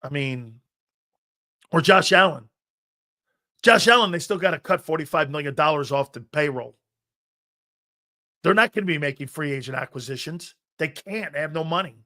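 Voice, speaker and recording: Sports talk host, man, fairly high, bright and forceful voice, emphatic and argumentative, loops back on his phrases. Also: brisk. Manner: emphatic, argumentative, repeats himself while building a point. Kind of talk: opinionated sports talk on a live stream.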